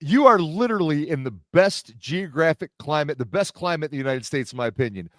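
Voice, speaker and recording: A middle-aged man hosting a podcast in casual chat, an animated storyteller who acts out the people he quotes. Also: on the high side, brisk, dry recording, clean studio sound. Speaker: podcast host.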